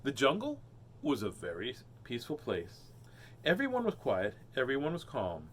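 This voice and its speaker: A man's voice: mid-range voice, normal speed, slight background noise. A man hosting a playful picture-book read-aloud, full of puns and jokey asides. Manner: jokey, punning, animated asides. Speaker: host reading picture books aloud.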